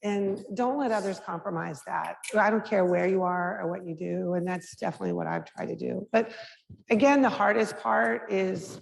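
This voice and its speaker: A woman's voice: medium pitch, sing-song, normal speed, vocal fry. A middle-aged woman, a mayor and guest speaker, answering audience questions frankly and conversationally, with frequent restarts and fillers. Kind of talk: candid Q&A answers at a public talk. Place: lecture hall. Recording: reverberant hall with faint background noise.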